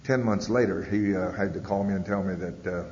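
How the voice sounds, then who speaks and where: A man's voice: fairly even intonation, fairly quick, darkish tone. A man giving a personal testimony talk at a convention, telling his story bluntly with frequent "uh" and "you know". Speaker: speaker at a recovery convention. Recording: echoey hall, dull 1990s tape, faint rumble.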